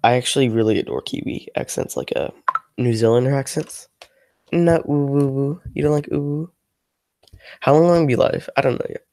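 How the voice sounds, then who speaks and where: Quick-paced and medium-pitched, this man's voice is creaky and mellow, recorded with no room sound. An ASMR creator livestreaming, he rants in a rambling, frustrated way, leaning on filler words and cursing freely.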